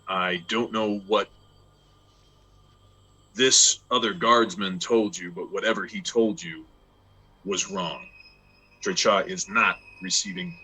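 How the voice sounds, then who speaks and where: A man puts on a forbidding temple guard for a tabletop game, his low voice slow, formal and commanding. The tone is tense and forceful, with no give in it. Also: lively intonation, husky, full character voice, poor audio. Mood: stern. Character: stern, imposing male temple guardsman.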